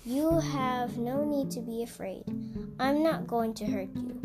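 A woman reading a menacing male fortune-teller's lines, mocking and halting, over guitar music. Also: a little high, close to an everyday voice.

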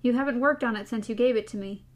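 A woman voicing a terse, weathered male gunslinger in a measured, plain-spoken way while reading a story aloud. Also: on the high side, natural voice. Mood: calm.

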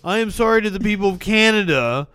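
A man with a bright, crisp, clear voice and a slightly raised pitch banters as co-host of a casual comedy talk show. He trips over his words and restarts, always poking fun at himself. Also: lively intonation, quick pace, no room sound, clean studio sound. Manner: self-deprecating, stammering restarts. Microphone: lighter held as a prop mic.

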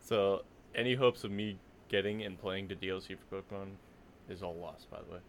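Low-pitched young male podcaster, loose rambling chat, faint background noise. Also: fairly quick. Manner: rambling, lots of "like" fillers, joking. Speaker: podcast co-host. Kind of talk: casual chat.

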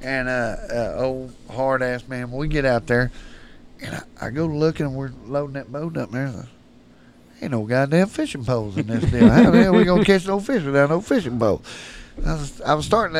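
A middle-aged man, telling profane, animated stories on a casual podcast and getting loud when quoting people. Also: medium pitch, slight background noise. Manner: profane, animated, swings loud for quoted lines. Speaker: storyteller guest.

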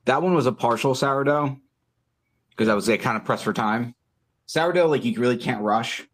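A man's voice: medium pitch, moderate pace. A man, a podcast guest, chatting casually and enthusiastically about cooking with many fillers. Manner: relaxed, filler-heavy, enthusiastic about food. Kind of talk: casual chat.

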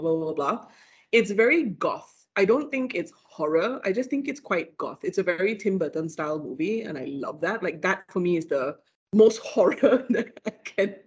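A woman with a Malaysian English accent, a lecturer telling a ghost story in casual chat, animated and full of fillers and laughs. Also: on the low side, slightly rough. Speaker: lecturer, guest.

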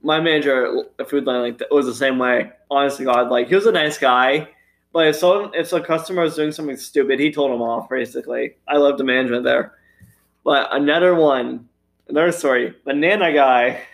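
A man's voice: mid-range voice, brisk, creaky, fairly bright tone. A man telling stories from his time as a grocery store cashier in a chatty way, laughing often and using plenty of fillers. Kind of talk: casual storytelling chat.

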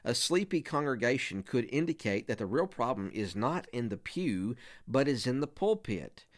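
Earnest preacher man, repeating himself. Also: mid-range voice. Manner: earnest, frequent word repeats and restarts. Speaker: preacher teaching other preachers. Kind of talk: conversational teaching talk.

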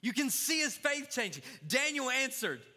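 A man's voice: extremely high pitch, big pitch swings, normal speed, pushed and bright. A male pastor preaching a fervent sermon to his congregation, calling out to the crowd. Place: church sanctuary. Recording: long church reverb.

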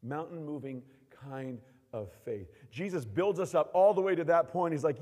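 A man preaching a sermon in a church hall. He acts out quotes and swings from shouting to hushed asides. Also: a little high, moderate pace. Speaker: pastor. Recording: long hall reverb.

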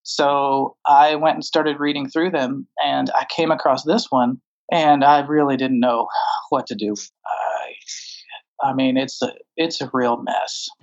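A man's voice: medium pitch, steady tone, takes it slowly, lo-fi sound. A man from the American South, interviewed as a scholar, speaking in a wry, thoughtful way with many restarts and fillers. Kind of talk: conversational interview.

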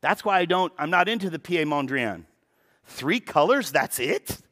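Guy preaching a sermon, real animated, voice jumps all over, tosses out rhetorical questions. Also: on the high side, normal speed. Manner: animated, rhetorical questions, repeats words when starting sentences. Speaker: pastor.

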